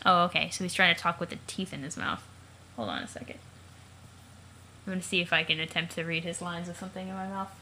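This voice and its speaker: A woman's voice: on the low side, animated, quick pace, long pauses, sharp tone. A woman hosting a let's play, chatting casually between lines she reads.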